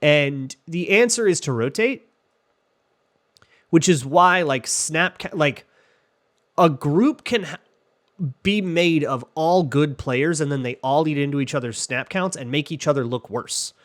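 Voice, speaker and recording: A man hosts a football talk show, answering listener questions in a chatty, joking way full of fillers and restarts. His voice is a little high and a little slow, and the talk is casual.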